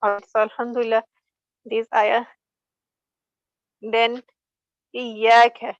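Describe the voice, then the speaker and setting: A woman leads an online recitation class, her voice a little high and fairly level in pitch. She speaks slowly and patiently, drawing out each example. The audio is dry and a bit dull, like a video call. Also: fairly even intonation, dry recording. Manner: patient, slow demonstrating of recitation. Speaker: tajweed teacher.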